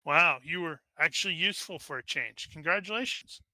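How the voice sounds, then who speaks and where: A man runs a tabletop game, narrating in a loose, rambling way full of fillers and restarts. His voice sits a bit high and sounds very bright and crisp, with a dry, close sound. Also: a little fast, no echo. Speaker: game master.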